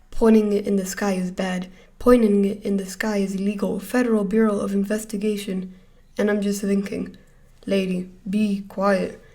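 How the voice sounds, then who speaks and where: Flat, mellow-voiced young male storyteller. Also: high-pitched. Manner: rambling storytelling, hesitant. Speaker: vlogger. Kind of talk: storytime vlog.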